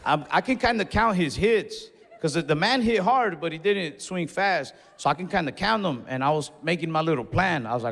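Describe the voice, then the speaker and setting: Young guy telling a stand-up story, gravelly and a bit high, long reverb from the theater hall. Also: lively intonation, moderate pace, few pauses. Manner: laid-back storytelling with bursts of shouted punchlines. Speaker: stand-up comedian. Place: theater stage with a live audience. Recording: long hall reverb, faint room noise.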